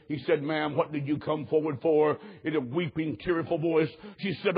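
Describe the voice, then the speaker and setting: A man's voice: fairly high pitch, normal speed, hardly any pauses, breathy edge, highs cut off. A man preaching a sermon, telling a story with drama and quoting people in varied voices. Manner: dramatic, quotes others in changing voices.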